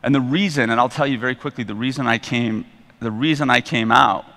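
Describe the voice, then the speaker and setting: A man's voice: medium pitch, fairly quick, bright, forceful tone. Candid man speaking in a reverberant hall. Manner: candid, rambling, self-deprecating. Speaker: guest speaker at church. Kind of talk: personal testimony talk. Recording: long reverb in a large hall.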